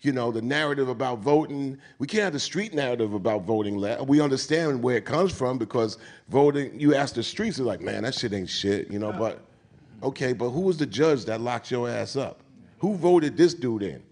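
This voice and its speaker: Animated, profane New York man on stage. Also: mid-range voice, moderate pace. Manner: animated, preachy, profane, street slang. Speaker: keynote speaker. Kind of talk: onstage conversation. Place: event stage before an audience.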